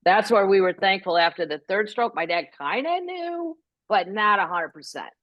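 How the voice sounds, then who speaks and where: A middle-aged woman, a comedian, telling stories about caring for her parents with quick asides. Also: medium pitch, dry recording, muffled recording. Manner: lively, animated delivery with quick asides. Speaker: guest comedian. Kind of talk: comic storytelling in a podcast chat.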